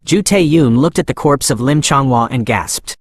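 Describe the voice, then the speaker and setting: Guy narrating a story recap, even brisk reading, dry sound. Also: medium pitch, no room sound.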